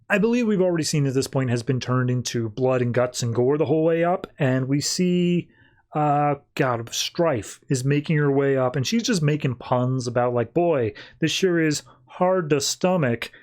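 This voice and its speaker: A man's voice: medium pitch, moderate pace, a little mellow. A man hosting a podcast, casually recapping a comic in a chatty, rambling way full of 'like'. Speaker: podcast host.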